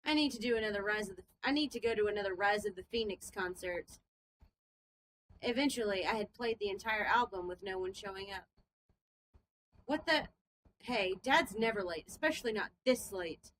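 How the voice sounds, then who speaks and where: A woman's voice: medium pitch, normal speed, a bit bright, slight background noise, poor audio. A woman co-hosting a comedy podcast, narrating a dating game aloud with jokey asides. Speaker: podcast co-host.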